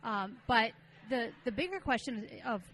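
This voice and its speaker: A woman co-hosting a podcast, explaining things in a thoughtful, measured way in casual chat. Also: fairly high pitch, expressive, fairly bright tone, rough recording. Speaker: podcast co-host.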